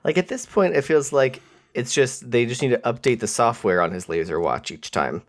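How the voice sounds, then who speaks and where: Male co-host, mid-pitched, dry jokey asides in a casual movie chat. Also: expressive, normal speed. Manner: wry, joking asides. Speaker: podcast co-host.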